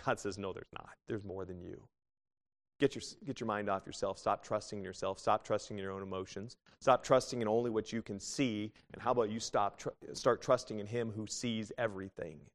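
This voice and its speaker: A man in his thirties preaching a sermon as pastor, swinging between fervent, rising bursts and hushed, tender pleas. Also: fairly low pitch, fairly even intonation, a little fast, hardly any pauses. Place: church sanctuary. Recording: long church reverb.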